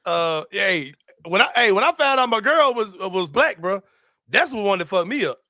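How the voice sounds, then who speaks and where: A man hosting a casual sports-show chat, a loud, laughing storyteller who swears freely. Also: high-pitched, expressive, normal speed, no room sound, clean studio sound. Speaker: podcast host.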